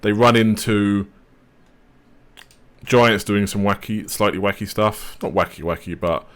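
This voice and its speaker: A man with a very deep voice chats casually on a podcast, telling stories and breaking down matches. He talks in a loose, relaxed way, full of ums and hedges. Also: unhurried. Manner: relaxed storytelling, many fillers, hedges. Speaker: podcast co-host. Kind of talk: casual esports analysis chat.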